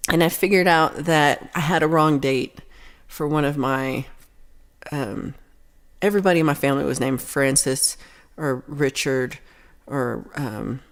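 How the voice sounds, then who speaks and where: A woman hosting a livestream, telling a long story in a casual, rambling way with many restarts. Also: low-pitched. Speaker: livestream host.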